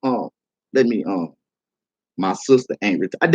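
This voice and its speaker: A livestreaming comedian, a man, giving a profane, heated rant that swings from calm to shouting. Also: fairly low pitch, measured pace, pauses often, husky.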